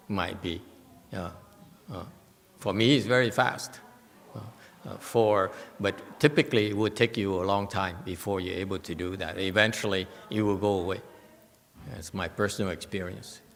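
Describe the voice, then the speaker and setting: A man teaching meditation in an informal talk, speaking haltingly with many restarts and repeated words. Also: lowish voice, pushed and bright. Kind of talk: informal dharma talk with questions. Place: meditation hall. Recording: long hall reverb.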